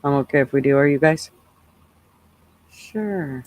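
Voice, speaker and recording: A man's voice: mid-range voice, unhurried, no room sound. A man hosting a live stream, chatting casually with viewers and making wry, muttered asides. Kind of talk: casual reaction commentary.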